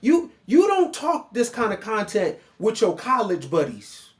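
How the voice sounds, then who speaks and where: A man giving an animated commentary monologue, mocking and lecturing the person he addresses. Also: high voice, a little slow. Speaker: online commentator.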